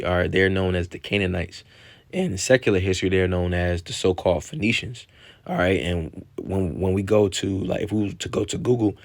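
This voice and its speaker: A man giving an informal scripture lesson, halting and restarting often and checking in with "all right" after nearly every point, reading verses aloud in a plain measured tone. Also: low voice, no room sound. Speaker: Bible teacher.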